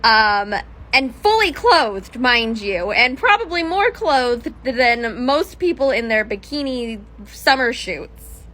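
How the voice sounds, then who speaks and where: A woman's voice: a little high, expressive, slow pace, bright, forceful tone, low-quality recording. A young woman in a casual social media video, defending herself with hesitant fillers.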